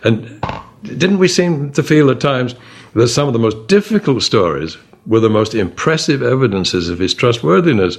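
A man leading a Bible study class, talking in an animated way and asking the group many rhetorical questions. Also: medium pitch, moderate pace, creaky, slightly rough. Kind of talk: discussion-led Bible class.

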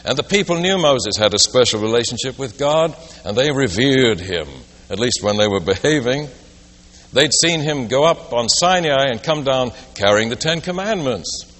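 Man preaching with a lively, reverberant voice. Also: mid-range voice, moderate pace. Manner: storytelling, poses rhetorical questions. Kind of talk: sermon. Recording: long reverb of a large hall.

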